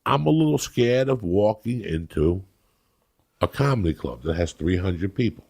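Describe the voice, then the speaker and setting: A middle-aged man from New Jersey, a comedian host telling loud, crude, rambling stories in casual chat. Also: sits low, animated, normal speed. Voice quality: gravelly. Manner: loud, rambling and crude, breaking into acted quotes. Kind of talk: profane storytelling chat.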